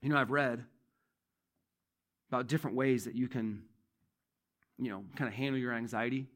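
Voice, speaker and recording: In a church, a male pastor preaches at a moderate pace with a medium-pitched voice and fairly even intonation. His delivery is conversational, with repeated key phrases and swings between loud emphasis and quiet asides.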